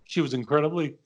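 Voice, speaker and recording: A man's voice: a little high, a little mellow. A man in his fifties hosting a podcast, telling a long story in a casual, rambling way and acting out the lines of the people in it. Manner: rambling anecdotes with quoted dialogue, frequent restarts. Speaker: podcast host.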